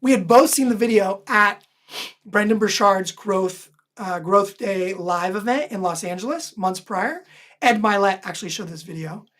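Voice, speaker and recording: A woman host animatedly telling a personal story, lively and self-deprecating, laughing often. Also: medium pitch, normal speed. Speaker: host recounting her own stories.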